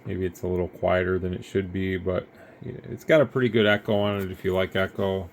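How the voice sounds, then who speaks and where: Man, deep gravelly voice, flat delivery, tired, rambling radio demo. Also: fairly quick. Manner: rambling, easygoing. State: tired, yawning. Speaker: radio seller demonstrating gear. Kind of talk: casual product demo.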